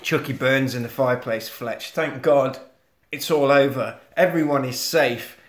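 A man co-hosting a podcast, recapping a film in casual chat as an animated storyteller who swears freely. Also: medium pitch, a little slow. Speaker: podcast co-host. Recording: echoey room.

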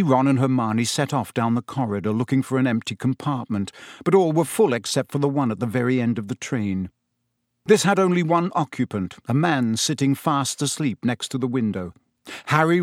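A man narrating an audiobook chapter in an expressive storytelling voice. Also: medium pitch, normal speed, no echo, clean studio sound.

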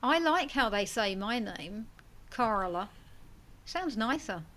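Chatty woman, fairly high voice. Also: very animated, takes it slowly, a bit bright, a little hiss or hum. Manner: chatty, self-mocking, reads out listener comments. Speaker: podcast co-host. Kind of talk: casual film podcast chat.

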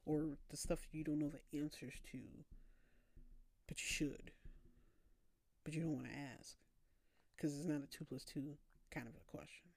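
A woman hosting her own podcast, telling a candid, rambling story and questioning herself out loud. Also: sits low, fairly even intonation, moderate pace, pauses often, dry recording. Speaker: podcast host. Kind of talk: casual solo storytelling.

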